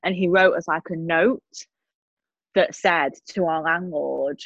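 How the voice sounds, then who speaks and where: Lively woman telling a story. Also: deep voice, measured pace, no echo. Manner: animated storyteller who acts out quotes. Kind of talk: casual chat. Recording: dull, dry recording.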